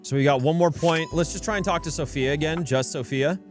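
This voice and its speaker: A young man live streaming a game, excitable, swearing and often shouting. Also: fairly high pitch, a little fast, soft background music. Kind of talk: live gameplay streaming with voice chat.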